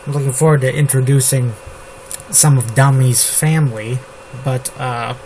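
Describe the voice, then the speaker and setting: A man writing a novel on camera, slowly reading his draft aloud and rambling about it with lots of fillers. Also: medium pitch. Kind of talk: writing session, thinking aloud. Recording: steady background noise with keyboard typing. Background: computer keyboard typing.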